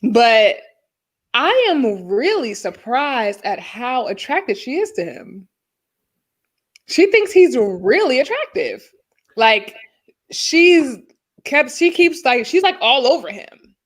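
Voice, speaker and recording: Animated, laughing young woman. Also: high voice, slow pace, pauses often. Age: young adult. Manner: laughs often, animated storytelling. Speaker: co-host. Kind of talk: casual live review chat. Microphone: video call.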